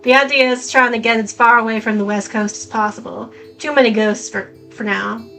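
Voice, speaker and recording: A woman's voice: fairly high pitch, steady tone, vocal fry, a bit bright, faint music behind, low-quality recording. A woman doing a young Southern drifter's letter. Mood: affectionate. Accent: put-on Southern US. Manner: read aloud from a letter, halting.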